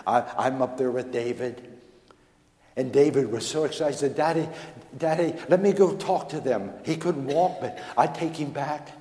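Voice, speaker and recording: A male pastor telling a folksy, animated story in a sermon, acting out the dialogue. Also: mid-range voice. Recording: echoey hall with long reverb.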